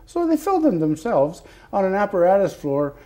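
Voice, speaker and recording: An older man from Canada, a retired fire captain, telling stories as a guest in an interview, acting out the dialogue with loud animated bursts. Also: high voice, brisk. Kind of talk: anecdotal interview storytelling. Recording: television studio interview.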